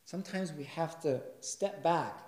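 A male pastor preaching a sermon in a conversational way. He asks his listeners questions and builds to loud, emphatic passages. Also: fairly high pitch, unhurried. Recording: echoey room.

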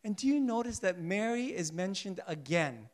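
High-pitched male preacher, preaches with rhetorical questions, slow and soft on key points. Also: sing-song. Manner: asks the congregation rhetorical questions and answers them; shifts between soft, slow emphasis and louder bursts. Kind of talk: sermon.

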